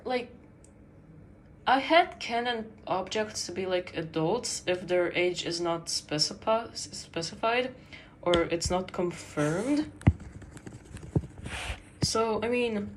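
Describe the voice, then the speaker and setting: A woman's voice: mid-range voice, slight background noise, low-quality recording. A woman streamer chatting casually while she draws, rambling and giggling with lots of fillers. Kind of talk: casual livestream chat while drawing.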